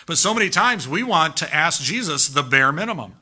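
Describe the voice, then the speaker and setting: A man preaching a sermon as pastor in a church, emphatic and animated, firing off rhetorical questions. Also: fairly high pitch, brisk. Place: church sanctuary.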